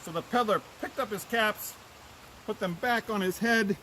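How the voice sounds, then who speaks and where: A man's voice: sits high, normal speed, a little hiss or hum, low-quality recording. A man, a teacher, reading a picture book aloud to children outdoors and asking them questions as he goes. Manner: animated, asks children questions.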